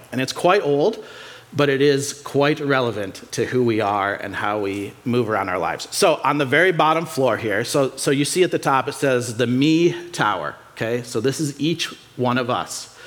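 A man preaching a sermon as a pastor, conversational and joking with the congregation, acting out everyday stories with rhetorical questions. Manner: animated storytelling with pitch swings.

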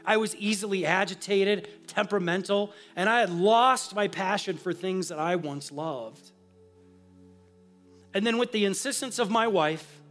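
A man preaching a sermon as a pastor and sharing a personal testimony, earnest and confessional, moving between hushed and emphatic delivery. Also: high voice.

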